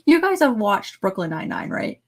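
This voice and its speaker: A woman co-hosting a casual podcast chat, talkative and quick to laugh while telling stories. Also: on the high side, huge pitch swings, creaky. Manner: chatty, laughs easily, tells stories. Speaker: podcast co-host.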